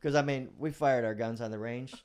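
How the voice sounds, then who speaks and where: With a medium-pitched, steady, brisk voice of darkish tone, a middle-aged former police officer tells a vivid personal story in a casual interview, swearing from time to time.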